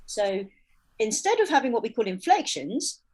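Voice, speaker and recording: A woman voice and performance coach speaking in an interview, expressive and demonstrating loud and soft delivery. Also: fairly high pitch, normal speed, rough recording.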